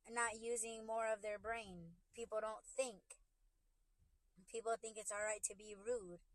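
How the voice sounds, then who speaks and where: A woman's voice: fairly high pitch, no echo. A woman podcast host ranting casually on a livestream, speaking into a phone from her car. She talks bluntly and profanely, and she often restarts her sentences as she works herself up.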